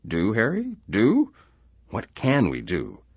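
A man voicing a group of relaxed townsmen who talk in a lazy, placid way. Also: fairly low pitch, takes it slowly, breathy edge, dry recording, voice pushed up, heavily acted.

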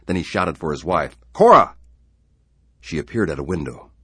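A man reading a story aloud in a dramatic, expressive way. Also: rumbling low, fast talker, slightly rough, dry recording, studio quality. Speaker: narrator.

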